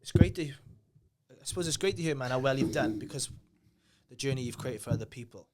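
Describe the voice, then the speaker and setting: Welsh podcast host, relaxed and encouraging, mid-pitched conversational voice. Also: male voice, brisk, heavy background noise. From Wales. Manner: easygoing, affirming listener. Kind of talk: casual chat.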